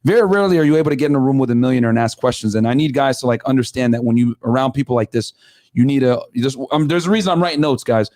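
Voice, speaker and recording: A man's voice: medium pitch, very fast, darkish tone, dry recording, clean studio sound. A man in his thirties hosting a podcast, asking eager questions in casual slangy chat. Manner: eager, hype-driven questioning. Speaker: podcast host.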